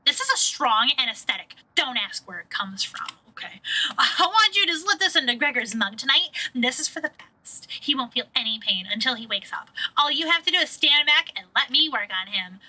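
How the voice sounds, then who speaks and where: A woman's voice: high-pitched, expressive, fairly quick, bright, forceful tone, exaggerated voice. A woman doing a snobby, sinister young woman. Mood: sweetly sinister. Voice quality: snobby put-on accent. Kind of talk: dramatic reading of game dialogue.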